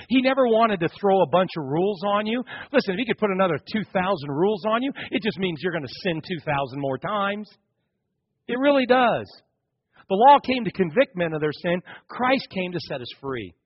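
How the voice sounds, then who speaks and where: A man preaching a sermon as pastor, animated, swinging between raised emphasis and hushed asides. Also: high-pitched, normal speed, breathy edge, no echo, muffled recording.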